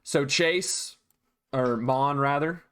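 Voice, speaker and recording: A man's voice: medium pitch, slow, clear, resonant tone. Casual man running a tabletop game. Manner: relaxed, frequent ums and restarts. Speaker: dungeon master.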